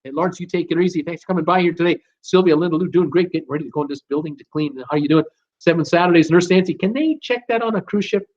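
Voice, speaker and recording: A man's voice: fairly high pitch, racing, darkish tone. A middle-aged man hosting a live stream, casually reading out viewer comments and answering them with many fillers and restarts. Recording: dull lo-fi stream audio.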